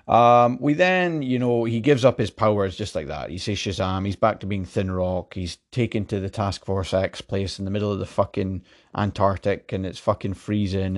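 A man's voice: lowish voice, a little mellow. Sweary Scottish man ranting a review. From Scotland. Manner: sweary, exasperated, frequent restarts. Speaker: film reviewer.

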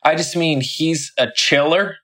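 A young adult man, a stand-up comic guesting on a podcast, telling a story casually with lots of swearing and animated delivery. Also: a little high, a little slow.

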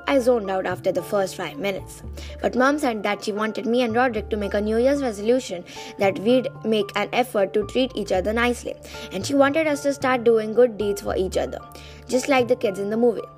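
Hoarse young woman reading a storybook. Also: fairly high pitch. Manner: chatty, with small restarts and giggles. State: losing her voice. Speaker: reader of a children's book.

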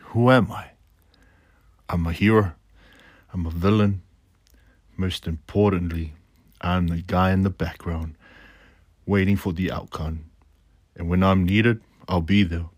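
A man's voice: deep voice, steady tone, a little slow, long pauses, no room sound, clean studio sound. A middle-aged man delivering a reflective spoken-word monologue, earnest and declamatory, slipping in casual slang asides.

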